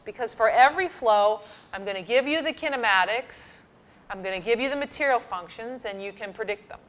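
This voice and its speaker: A middle-aged woman lectures to a class, walking through slides with firm emphasis. Her voice sits in a middle pitch, and she speaks conversationally to the students. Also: fairly quick, a bit bright. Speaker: university lecturer. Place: lecture hall.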